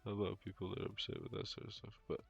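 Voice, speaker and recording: His voice is on the low side, fast, creaky, and slightly rough, with little pitch movement. The man streams a game from home on a headset as a young father, rambling casually with many fillers and dry jokes, and music plays behind the dull lo-fi sound.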